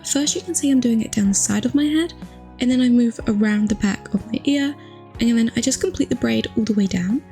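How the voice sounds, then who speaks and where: A woman's voice: on the high side, mellow. Chatty young woman with morning voice. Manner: chatty, filler-heavy, upbeat. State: morning voice, just woken. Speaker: hair tutorial vlogger. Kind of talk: casual tutorial chat.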